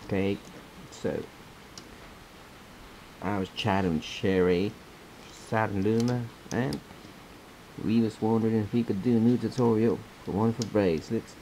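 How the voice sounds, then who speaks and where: A man with a low, relaxed voice talks through a craft tutorial step by step. He is chatty, laughs often and repeats his instructions as he works. A faint hiss sits under the recording. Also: unhurried, rough recording.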